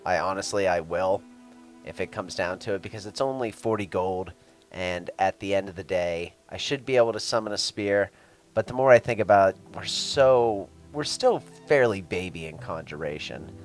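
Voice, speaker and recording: A man giving casual gameplay commentary, chatting sarcastically to game characters and swearing freely. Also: sits low. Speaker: let's play gamer.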